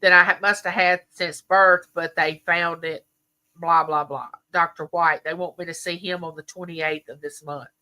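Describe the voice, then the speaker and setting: A woman's voice: lowish voice, fairly even intonation, normal speed, pushed and bright. A middle-aged woman, chatting with viewers on a livestream and telling stories full of quoted dialogue. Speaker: livestream host. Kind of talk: casual chat with viewers.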